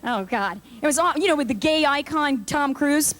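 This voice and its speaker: Punchy high-voiced woman comic. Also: animated, normal speed, fairly bright tone. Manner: punchy, jumps into character voices. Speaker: stand-up comedian. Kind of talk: stand-up comedy set. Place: live comedy club stage.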